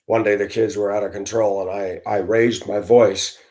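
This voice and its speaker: A middle-aged former school bus driver tells a personal story conversationally, speaking straight to his listeners and acting out dialogue along the way. His voice is fairly low and a little mellow, with a flat delivery at normal speed.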